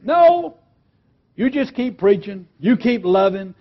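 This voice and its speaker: A man teaching a lesson on preaching, emphatic and earnest, slowing down and dropping quiet on key words. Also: sits high, animated, lo-fi sound. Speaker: preaching instructor.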